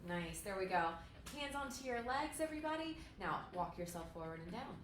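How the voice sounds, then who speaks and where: A woman's voice: medium pitch, animated, brisk. An upbeat woman leads a stretch class for parents and kids, calling out cues in a mid-range voice. She sounds like she is in an echoey indoor room, with a faint hum of noise behind her. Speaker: yoga instructor.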